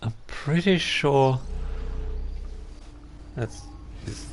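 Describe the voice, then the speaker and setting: There's a little hiss or hum behind this male game streamer, whose mid-range voice draws out its words. He muses aloud in a relaxed way, talking to himself and reacting as he plays.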